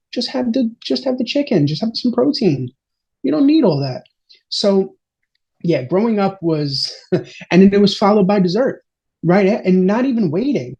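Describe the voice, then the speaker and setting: A man being interviewed, telling family stories in an animated, exasperated way with frequent restarts. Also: sits high. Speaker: interview guest. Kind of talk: casual storytelling interview. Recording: dull lo-fi audio.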